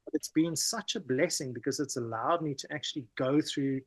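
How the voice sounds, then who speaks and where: Animated South African man telling stories. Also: medium pitch, brisk, husky, dry recording. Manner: animated, peppers talk with "man" and "you know". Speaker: podcast guest. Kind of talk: casual conversational storytelling.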